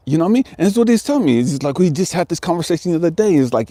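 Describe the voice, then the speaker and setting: A man's voice: on the high side, sing-song, racing, few pauses, mellow, no echo. A man hosting a casual motivational talk outdoors, speaking earnestly and repeating phrases as he builds intensity. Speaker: life coach and channel host. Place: outdoors in nature.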